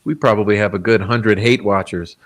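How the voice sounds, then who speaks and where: Low-ish voiced guy doing a chill livestream, reading chat, chuckling and rambling. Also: steady tone, a little fast. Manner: laid-back, chuckling, rambling with many fillers. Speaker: livestream host.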